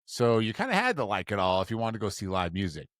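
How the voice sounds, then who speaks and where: A man in his forties from Utah, a podcast co-host telling a story in a casual, self-mocking way and jumping to higher voices for quotes. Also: sing-song, fast, a bit bright, no room sound, clean studio sound.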